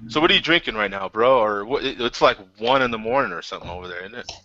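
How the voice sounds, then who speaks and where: A man's voice: medium pitch, fast talker, creaky, no echo. Hyped up host guy, swoops all over the place, laughs a lot. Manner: laughs often, excitable. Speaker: podcast host. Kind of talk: casual chat. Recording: lo-fi online call audio.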